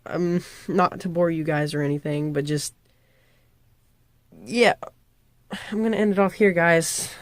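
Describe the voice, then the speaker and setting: A woman's voice: sits low, no room sound. A woman vlogger talking to camera in a casual, rambling rant, often correcting herself. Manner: rambling, self-correcting, chatty.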